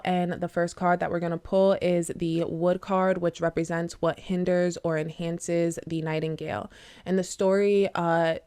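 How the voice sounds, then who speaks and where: A woman's voice: on the low side, darkish tone, clean tone. A woman chatting casually as she retells a fable and reads oracle cards, rambling with many fillers and tag questions. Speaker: tarot and oracle card reader. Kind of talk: casual storytelling and card reading.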